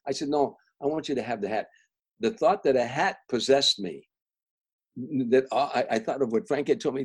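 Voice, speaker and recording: Husky older man telling rambling stories. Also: mid-range voice, low-quality recording. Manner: restarts, repeats words, grows soft and reflective. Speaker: guest, comedian and author. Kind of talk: rambling anecdotal storytelling.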